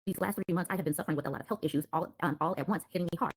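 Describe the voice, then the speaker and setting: A woman in her thirties reading a personal account aloud in a rapid, list-like recounting. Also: fairly low pitch, slight background noise. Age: 30s.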